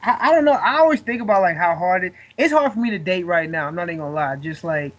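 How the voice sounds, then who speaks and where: A man's voice: high voice, lively intonation, fast, fairly bright tone. A man in his twenties, a guest fighter, telling a story in casual chat, rambling and swearing with lots of fillers.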